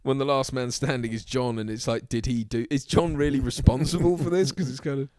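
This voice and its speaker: A man's voice: mid-range voice, fairly even intonation, fairly quick, darkish tone, no echo, studio quality. A man co-hosting a casual film commentary who laughs a lot and reacts with squeamish disgust. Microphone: lapel mic.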